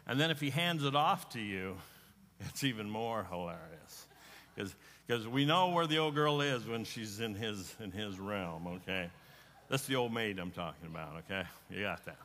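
A middle-aged male pastor preaches in a folksy, homespun way, often doubling his words as he goes. His voice is bright and forceful. It rings with long reverb through a large church hall. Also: mid-range voice, normal speed. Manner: folksy, repeats words as he talks. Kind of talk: sermon with personal storytelling.

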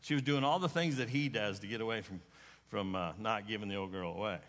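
Folksy middle-aged male preacher, bright voice. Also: fairly low pitch, fast talker. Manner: folksy, repeats words as he talks. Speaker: pastor. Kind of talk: sermon with personal storytelling. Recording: long hall reverb.

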